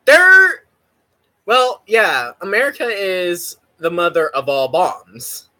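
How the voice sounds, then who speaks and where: High, bright-voiced rambling male streamer. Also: big pitch swings, takes it slowly. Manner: rambling and giggly, swears freely. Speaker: livestreamer. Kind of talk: casual stream chat.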